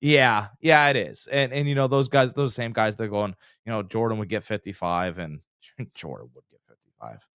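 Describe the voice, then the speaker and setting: A man with a lowish, smooth voice co-hosts a casual sports podcast, speaking at normal speed in clean studio sound with no echo. He tells stories with lots of energy and acts out the quotes.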